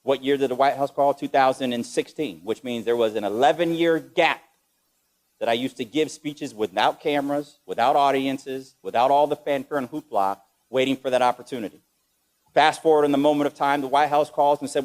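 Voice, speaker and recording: A man's voice: medium pitch, a little fast. A man giving a motivational lecture with energy, quizzing the audience with questions. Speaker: motivational speaker.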